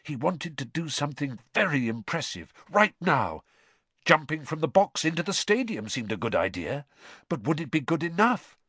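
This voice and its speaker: Husky man reading a story aloud. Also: a little high, moderate pace, dry recording. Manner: expressive reading with lively voice changes. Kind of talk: audiobook narration.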